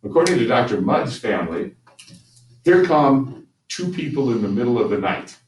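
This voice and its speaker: A man's voice: mid-range voice, very animated, normal speed. A man teaching a history class, telling the story conversationally with frequent restarts. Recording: roomy, distant mic with faint ambient noise.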